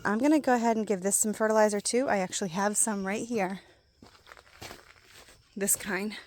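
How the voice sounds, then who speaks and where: A woman chatting casually and excitedly while showing her backyard garden plants outdoors. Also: medium pitch, normal speed, a little hiss or hum. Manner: chatty and excitable, laughs easily. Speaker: gardening vlogger.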